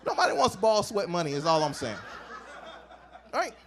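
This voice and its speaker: Guy in his 30s doing stand-up into a handheld mic, high voice, super animated, keeps doing little voices. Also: moderate pace. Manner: animated, acts out voices, swings pitch. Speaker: stand-up comedian. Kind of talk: stand-up comedy set. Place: comedy club stage.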